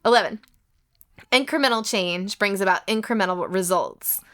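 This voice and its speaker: A woman co-hosting a casual church podcast, chatty and quick to laugh. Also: mid-range voice, fairly bright tone. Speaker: podcast co-host.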